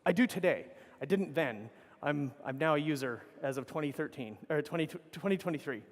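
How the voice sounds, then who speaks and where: Middle aged guy telling stories at a conference, kinda high voice, swears a lot, long hall echo. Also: lively intonation, a little fast. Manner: casual, profane, rambling with self-corrections. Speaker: conference speaker. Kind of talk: anecdotal conference talk.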